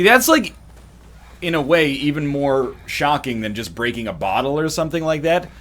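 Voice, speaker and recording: Guy streaming, pitch jumps all over, jokey rambling about whatever chat says. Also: fairly bright tone. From Canada. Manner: rambling, joking and opinionated, riffing on chat comments. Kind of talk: casual chat while gaming.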